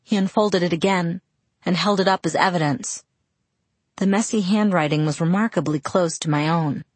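A woman narrating a first-person novel as an audiobook, in a quiet, measured, somber manner. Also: fairly low pitch, breathy edge, dry recording.

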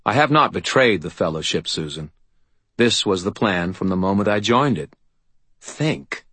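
A man voicing a centuries-old male double agent who speaks in a quiet, calm, deferential murmur. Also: deep voice, moderate pace, slightly rough, no echo, exaggerated voice.

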